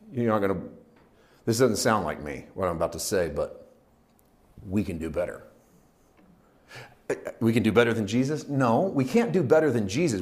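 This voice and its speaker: A man teaching a Bible study in a lively, conversational way, often laughing and acting out the people in the story. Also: medium pitch. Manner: lively, laughs often, acts out quoted lines.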